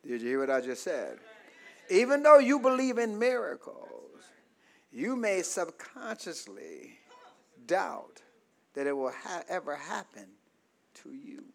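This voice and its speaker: A man a sermon, calling for amens and swinging between shouted peaks and soft low asides. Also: sing-song, unhurried, vocal fry. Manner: call-and-response preaching, asks congregation for amens. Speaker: preacher.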